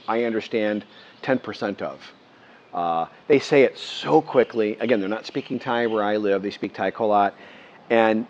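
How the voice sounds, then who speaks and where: An older man from the United States talking casually to camera, rambling with many restarts and lively quoted voices. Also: mid-range voice. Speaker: vlogger. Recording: muffled lo-fi sound.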